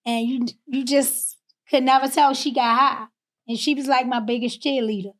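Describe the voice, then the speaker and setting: A woman from Baltimore, a podcast guest, telling a personal story candidly and emotionally, often drifting softer on painful moments. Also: high voice, fairly even intonation, normal speed. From Baltimore, USA.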